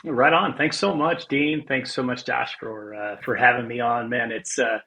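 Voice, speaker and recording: A man guesting on a podcast as author and consultant, relaxed and laid-back, peppering his talk with casual fillers. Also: medium pitch, moderate pace, noisy background.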